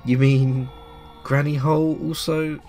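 A man voicing a sinister male demon who bargains for souls, reading game dialogue in a silky, mocking, slow and hushed voice. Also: a little high, little pitch movement, soft background music, pitched above the performer's own voice, close to an everyday voice, low-quality recording. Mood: sly.

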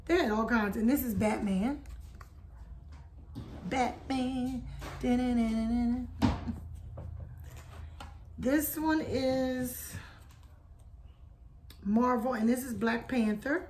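A woman talks viewers through her shopping finds in a casual vlog. Her voice sits a little high, and she chats easily and hums theme tunes along the way. Faint clicks sit in the background. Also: slow pace, pauses often, a little mellow, slight background noise. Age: adult. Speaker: haul video host.

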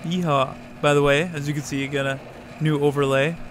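A young man with a slightly high voice narrates his gameplay live, swearing freely as he chats with his viewers and yells at the screen. He talks into a desk mic with steady background noise behind him. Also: fairly quick. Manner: profane, chatty, outbursts at the game, greets viewers. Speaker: let's play streamer. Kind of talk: casual live-stream gaming commentary.

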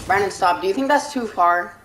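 A woman in casual gaming chat with a lively, scolding way of talking. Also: medium pitch, a little fast, roomy sound, crowd noise. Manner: animated, scolding. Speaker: vlogger.

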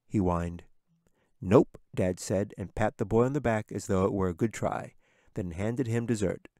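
Low-voiced man narrating a storybook. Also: dry recording, clean studio sound. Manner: measured, steady storytelling. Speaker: author reading his own book. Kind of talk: audiobook narration.

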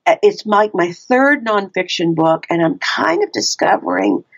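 A woman who narrates audiobooks answers interview questions in a relaxed, chatty way. She laughs easily and pokes fun at herself. Her voice sits at a middle pitch, and the recording sounds slightly dull. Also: measured pace, vocal fry.

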